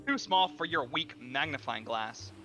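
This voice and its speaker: Guy doing a snooty tiny shell critter, deadpan insults, super bright voice, faint game music. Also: mid-range voice, a little slow. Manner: blunt, deadpan put-downs. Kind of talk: improvised game character voice.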